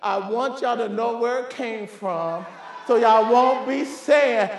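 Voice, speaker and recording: A male pastor preaching a fervent sermon, often shouting and repeating words as he stammers. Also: very high voice, takes it slowly, a faint crowd. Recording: echoey church hall.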